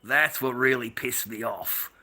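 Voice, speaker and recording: A man's voice: mid-range voice, unhurried, bright, forceful tone. An Australian man, a mask maker, ranting and rambling on a live stream at home, swearing constantly and laughing often. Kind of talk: casual live-stream rant.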